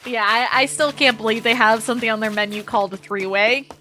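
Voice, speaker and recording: A woman streaming a game and chatting with her viewers, her voice high and bright. She tells stories in an animated, chatty way and swears freely. Faint game music plays behind her. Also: a little fast. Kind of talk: casual chat while playing a game.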